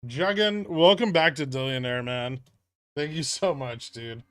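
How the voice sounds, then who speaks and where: On a laid-back livestream about stocks, a man reads chat messages out and replies loosely, wandering as he talks. His mid-range voice is unhurried, clear and resonant, with no room sound.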